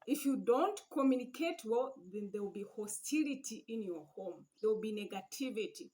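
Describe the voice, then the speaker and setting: A woman hosting a faith-based relationship channel, giving earnest advice in a casual way, repeating her points with "yes" and "you know" and often trailing off softly. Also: a little high, lively intonation, normal speed.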